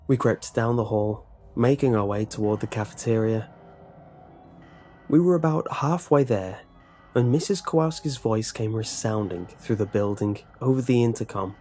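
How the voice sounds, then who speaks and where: A man narrating a scripted horror story in a tense, measured way. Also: lowish voice, warm tone, faint music behind.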